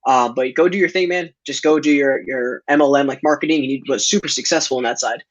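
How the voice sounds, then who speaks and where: Over a call, a podcast guest tells a casual story in a fast, mid-range voice, loose and packed with fillers, laughing often. The audio is dull and lo-fi.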